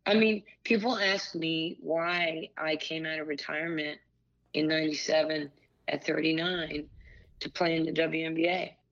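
Low-voiced with vocal fry and a moderate pace, this woman in her sixties is a former pro basketball player turned broadcaster. Captured in lo-fi sound, she tells candid stories animatedly as an interview guest, full of asides and restarts.

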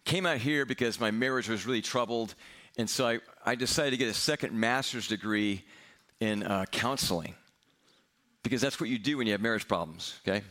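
A middle-aged male pastor telling a personal story in a sermon, candid and self-mocking with quick humor. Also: on the low side, bright, forceful tone.

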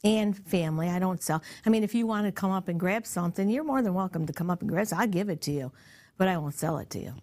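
A middle-aged woman talks casually in a somewhat low voice. She rambles along, full of fillers and false starts. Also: fast talker, darkish tone. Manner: rambling, many fillers and restarts. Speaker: interviewee. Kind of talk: casual chat.

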